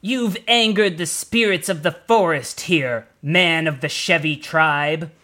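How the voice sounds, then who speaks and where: A man voicing an ancient male druid elder who speaks slowly and solemnly in a strained, altered voice. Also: on the high side, sharp tone, pitched above the performer's own voice. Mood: commanding. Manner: slow, drawn-out and solemn.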